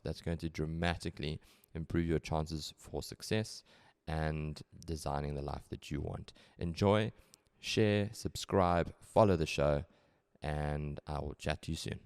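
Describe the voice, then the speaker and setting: A man's voice: a bass voice, fairly even intonation, normal speed, vocal fry, few pauses, darkish tone. A man hosting a podcast, introducing his guest and asking questions in an upbeat, enthusiastic way. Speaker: podcast host. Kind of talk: casual podcast interview.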